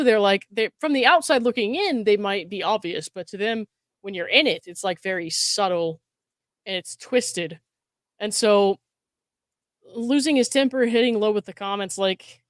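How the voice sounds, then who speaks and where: A woman's voice: mid-range voice, no echo, clean studio sound. A woman hosting a casual podcast, talking frankly with lots of "like" fillers. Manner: chatty, frank, many fillers like "like". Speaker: host. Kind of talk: casual commentary.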